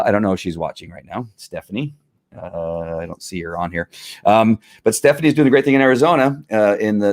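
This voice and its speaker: A middle-aged man hosting a live stream on police training, talking in an earnest, fired-up way with many restarts and fillers. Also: lowish voice. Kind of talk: live-streamed casual talk.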